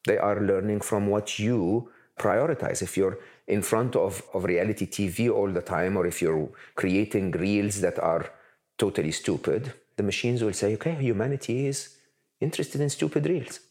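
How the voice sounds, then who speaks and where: A man with a low voice talks through his points in an interview, stressing them with repeated phrases and lists. His delivery is emphatic and steady. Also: moderate pace. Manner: emphatic, repetitive lists for effect. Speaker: interview guest. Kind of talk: conversational interview answers.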